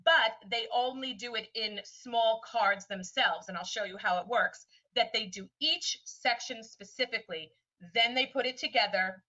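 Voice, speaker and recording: A woman teacher presenting a webinar lesson in a lively way, often slipping into quick voices for students and friends. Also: a little high. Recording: distant, dull lo-fi sound.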